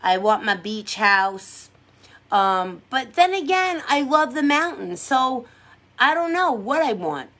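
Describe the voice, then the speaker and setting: A woman's voice: fairly high pitch, very animated, slow, pushed and bright. A woman from hosting a casual makeup livestream, chatting with viewers in a rambling, upbeat, encouraging way. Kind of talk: casual livestream chat reading comments.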